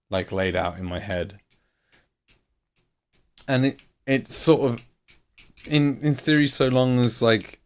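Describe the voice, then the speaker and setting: There's a little hiss or hum behind this man's lowish voice. In his late thirties, he chats casually on a live stream while painting miniatures, rambling, making jokes, and laughing at himself.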